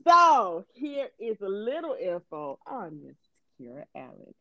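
A woman's voice: mid-range voice, no room sound, lo-fi sound. Bubbly, laughing podcast host woman. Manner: bubbly, laughs often, talks fast when excited. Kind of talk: casual book podcast chat.

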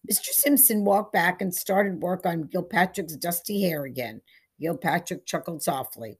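A woman reading a short story aloud as scripted narration, in a measured storytelling manner. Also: lowish voice, animated, breathy edge. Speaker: story reader.

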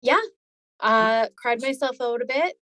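A woman's voice: a little high, measured pace, pushed and bright, no room sound. A woman in her forties telling her own story in an interview, earnest and detailed. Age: 40s. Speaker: podcast guest.

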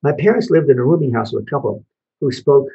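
With lively intonation, vocal fry and a mellow, husky medium-pitched tone, an older man from Belgium shares his experience as a Holocaust survivor. It's a storytelling testimony talk to an audience with photos, broken by short pauses and questions to the listeners, and the audio is dull.

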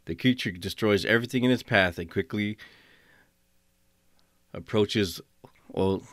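A man's voice: lowish voice, a little slow, a bit bright, no echo, clean studio sound. A man hosting a casual chat, rambling with restarts and frequent fillers. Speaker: podcast host.

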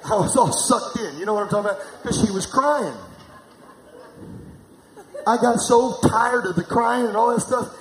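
A middle-aged pastor with an extremely high voice preaches call-and-response style, asking his congregation to answer back. He speaks at normal speed and pauses often, in a large church hall recorded with echo and noise.

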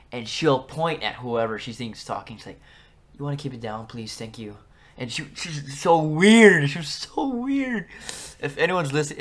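A man's voice: mid-range voice, a bit bright. A young man hosting a podcast, telling stories from his school days in a chatty, rambling way, full of fillers and restarts. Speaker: podcast host. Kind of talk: casual storytelling.

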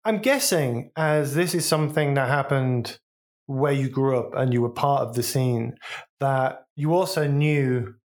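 A man's voice: medium pitch, unhurried. A man from Wolverhampton with a Wolverhampton accent, co-hosting a podcast in chatty, inquisitive conversation. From Wolverhampton, England. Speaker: podcast co-host. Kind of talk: casual chat.

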